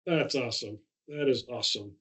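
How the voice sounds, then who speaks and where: A man's voice: medium pitch, fairly quick, fairly bright tone, slight background noise. Man hosting a podcast interview. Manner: encouraging, brief reactions and questions. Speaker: podcast host. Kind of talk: interviewer, casual chat.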